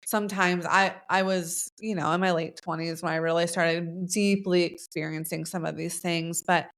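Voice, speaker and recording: Low-voiced woman podcast host asking questions. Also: steady tone, normal speed. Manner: reflective, rambling questions with "like" and "you know". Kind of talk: casual interview chat.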